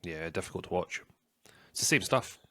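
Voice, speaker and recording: A man's voice: sits low, lively intonation, normal speed, sharp tone, no room sound, studio quality. A man co-hosting a casual podcast watch-along, talking in short, crude, dismissive bursts. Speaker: podcast co-host.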